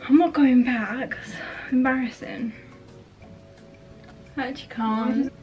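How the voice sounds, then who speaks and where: A woman's voice: sits high, fairly even intonation, slow, muffled recording, faint music behind. A young woman, chatting frankly to camera in a casual vlog. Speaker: beauty vlogger.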